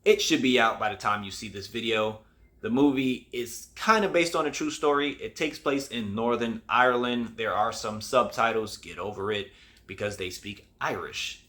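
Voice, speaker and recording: A man's voice: mid-range voice, lively intonation, normal speed, sharp tone. A man hosting his own show, giving a casual movie review in a rambling, conversational way with many restarts. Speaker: host.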